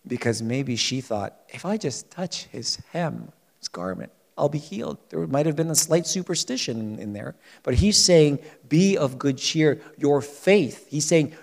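A man preaching a sermon, swinging from soft, hushed quotes to loud, emphatic peaks. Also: on the high side, long reverb tail. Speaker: pastor.

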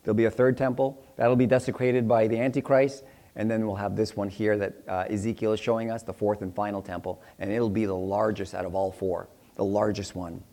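A man's voice: on the low side, little pitch movement, brisk, dark tone. Middle-aged pastor guy giving a chatty bible teaching, cracks jokes, does little voices for people. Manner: chatty and joking, acts out little dialogues in voices. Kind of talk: conversational Bible teaching sermon.

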